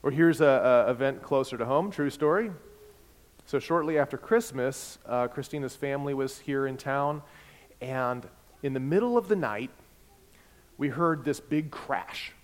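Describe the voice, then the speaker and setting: A man's voice: mid-range voice, measured pace. Man preaching in a storytelling way. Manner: storytelling, conversational, swings loud and soft. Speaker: pastor. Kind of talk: sermon with personal anecdote.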